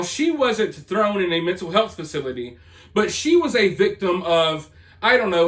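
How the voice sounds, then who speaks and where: A man's voice: high voice, a bit bright. A man hosting a commentary channel, delivering a sarcastic, dismissive and rambling opinion monologue.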